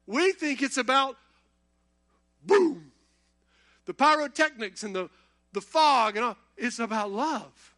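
A man's voice: very high-pitched, lively intonation, slow pace, long pauses, bright, forceful tone. A man preaching a sermon, talking conversationally and building to impassioned emphasis.

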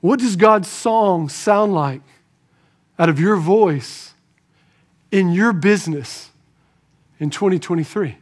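High-voiced man preaching with energy. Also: takes it slowly, long pauses. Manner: animated preaching, swings between soft asides and raised emphasis; rhetorical questions to the congregation. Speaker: pastor. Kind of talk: sermon.

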